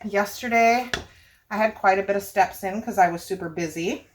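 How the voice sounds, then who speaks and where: In a medium-pitched voice at normal speed, an older woman keeps up a rambling, chatty cook-along for her homestead cooking vlog. Working in her home kitchen, she laughs a lot and often corrects herself.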